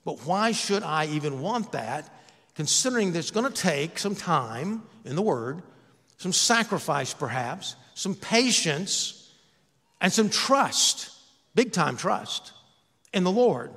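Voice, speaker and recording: A man's voice: sits high, big pitch swings, slow pace, bright, forceful tone, in a large hall. An older man and pastor giving a conversational sermon, asking the congregation rhetorical questions. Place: church sanctuary.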